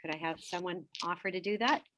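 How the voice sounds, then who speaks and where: A woman's voice: on the low side, brisk, pushed and bright. A woman chairing a council meeting over a video call, running the votes and roll call politely with small fillers.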